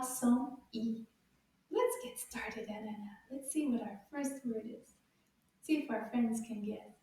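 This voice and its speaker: Lady doing a kids french class, high voice, slow and drawn out, far from the mic in an echoey room. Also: dark tone. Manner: slow, exaggerated repeating of words for children; encouraging, cheerful praise. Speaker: children's French teacher. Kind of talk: kids' language lesson.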